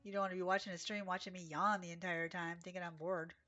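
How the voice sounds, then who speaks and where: Sleepy woman streaming a horse game, chatty and excitable, faint music behind. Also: on the low side, fast talker, muffled recording. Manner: chatty, reads chat aloud, gasps and exclaims. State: sleepy, yawning. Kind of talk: casual live-stream chat.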